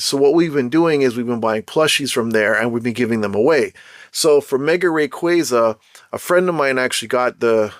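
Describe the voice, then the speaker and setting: A man's voice: medium pitch, no room sound, clean studio sound. Chatty Jamaican-accented man. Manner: animated, blunt and chatty, slang-heavy. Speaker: podcast host. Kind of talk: casual solo podcast talk.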